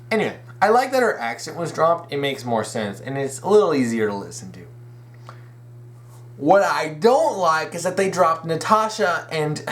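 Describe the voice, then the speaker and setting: A man's voice: on the high side, a little hiss or hum. Rambling, eager young man giving fan commentary. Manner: rambling, with frequent self-corrections and restarts; eager, opinionated fan enthusiasm. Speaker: video essay host. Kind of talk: casual fan commentary monologue.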